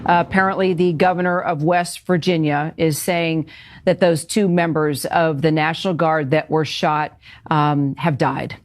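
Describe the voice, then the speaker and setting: A woman anchoring a live news broadcast, speaking in a measured way with frequent ums and uhs. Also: low-pitched, fairly even intonation.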